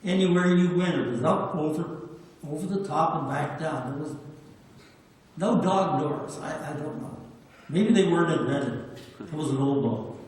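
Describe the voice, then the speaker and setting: Older veteran, nineties, raised man's voice, homespun storyteller, miked from a distance in a booming hall. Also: moderate pace, darkish tone, a little hiss or hum. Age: 90s. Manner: plain-spoken, anecdotal, repeats words for emphasis. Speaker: WWII veteran speaker. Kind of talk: storytelling talk. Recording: echoey hall, distant mic.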